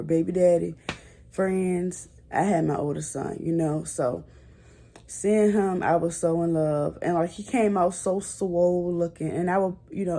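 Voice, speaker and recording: A young woman speaks to her viewers in a casual storytime vlog. Her voice sits low, with a gravelly, dark, mellow tone. She talks in a chatty, earnest way, calling her audience y'all. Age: young adult. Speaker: vlogger.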